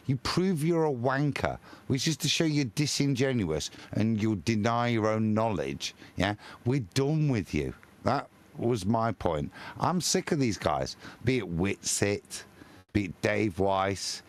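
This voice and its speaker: A man co-hosting a live stream, talking in a rambling, emphatic way with crude insults. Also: lowish voice. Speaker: live show co-host.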